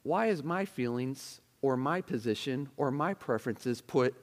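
A man preaching a sermon with expressive emphasis, acting out the attitudes he quotes and adding chatty asides to his listeners. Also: medium pitch, measured pace, in a large hall. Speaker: pastor.

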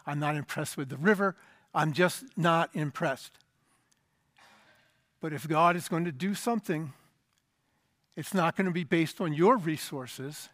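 A preacher explains scripture with emphasis in an unhurried sermon full of long pauses. His voice sits high for a man and often sinks low and soft at phrase ends, recorded dry and close with no echo.

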